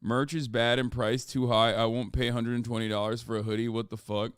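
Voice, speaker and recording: A male streamer talking casually at a mid pitch. His voice is smooth and dry and close to the mic, with faint music underneath. He swears freely and reads chat messages aloud in an exasperated tone. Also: little pitch movement, a little fast, no room sound. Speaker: livestreamer selling merch.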